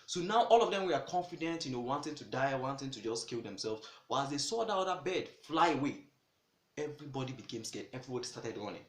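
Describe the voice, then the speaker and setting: A man casually telling a folktale, animated and exclamatory, with chatty asides. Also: fairly high pitch, fast talker, roomy sound. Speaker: storyteller. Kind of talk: casual storytelling.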